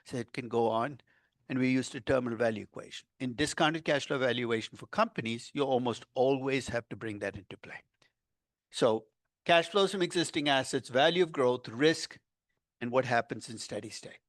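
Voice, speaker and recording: An older man delivers a university finance lecture in an energetic, conversational way. He tosses questions at his students and leans hard on key words. His voice is mid-pitched and sounds dry and close to the mic. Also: a little fast, no echo. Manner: animated, asks the class questions, stresses key words. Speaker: finance professor. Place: lecture room.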